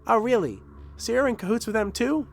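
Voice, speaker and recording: A man's voice: very high-pitched, lively intonation, brisk, gravelly, faint music behind, pitched above the performer's own voice, heavily acted. A man voicing a cocky young boy in a video game, whiny and evasive as he pleads his case while reading the dialogue aloud. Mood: defiant. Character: cocky young boy, defensive double agent.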